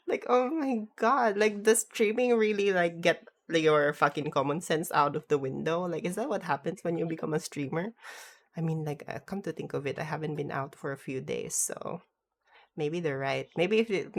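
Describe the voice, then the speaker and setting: A woman's voice: fairly low pitch, a little slow. A woman streamer chatting casually and ramblingly as she reacts to a video, swearing freely. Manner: rambling, swears freely, loud bursts when riled up.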